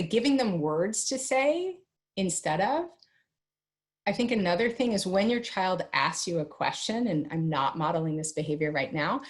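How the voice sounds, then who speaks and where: A middle-aged woman speaking as an expert guest in an interview, giving parenting advice in an animated way and acting out family dialogues. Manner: animated, acts out family dialogues with big pitch jumps. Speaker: guest expert on teen mental health.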